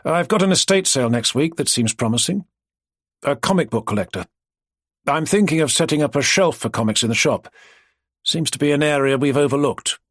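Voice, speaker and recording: A man's voice: a little high, animated, brisk, dry recording. A man voicing a mild, easygoing male shopkeeper, close to his own voice.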